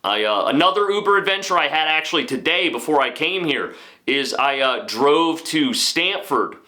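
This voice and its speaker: A man's voice: fairly high pitch, animated, moderate pace, bright, forceful tone. A man hosting a comedy podcast, telling a rambling story with self-aware asides. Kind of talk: comic storytelling.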